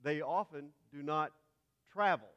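A man's voice: on the high side, measured pace, fairly bright tone, highs cut off. A man with a Texas accent teaching a Bible class, spelling out terms letter by letter as he lectures. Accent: Texan. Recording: long hall reverb.

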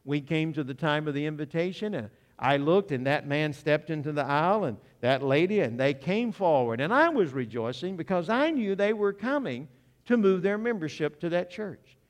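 A humorous preacher in a reverberant church. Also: male voice, on the high side, normal speed. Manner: animated, humorous storyteller, direct appeals to listeners. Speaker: visiting preacher. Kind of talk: sermon with storytelling. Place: church sanctuary. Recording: long reverb of a church hall.

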